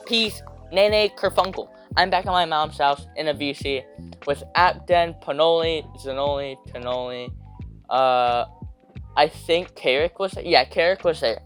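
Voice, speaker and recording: A young man telling a rambling, slangy storytime rant, hopping into quick voices for quotes. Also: fairly high pitch, a bit bright, faint music behind.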